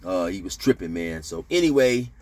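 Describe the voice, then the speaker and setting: A man casually telling a prison story to camera, animated, with slang and shouted sound effects. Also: low voice, moderate pace, dry recording. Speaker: storyteller recounting prison life.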